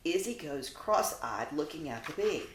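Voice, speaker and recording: A woman author reading her children's story aloud in an expressive, animated way, recorded in an echoey room. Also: low voice, moderate pace, a little hiss or hum. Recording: roomy echo.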